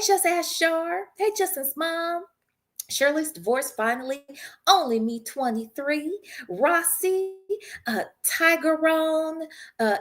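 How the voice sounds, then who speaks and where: Woman streamer shouting out her chat, high voice, slow and drawn out, very animated. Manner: animated, greets viewers by name, chuckles often. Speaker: livestream host. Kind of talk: casual live-stream chat.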